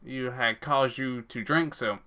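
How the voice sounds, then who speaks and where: A man's voice: medium pitch, fairly even intonation, unhurried, pushed and bright. A man reading a text adventure game aloud, mixing dramatic narration with swearing and joking asides. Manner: reads narration in a dramatic voice, swears and cracks jokes between passages. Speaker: let's play gamer.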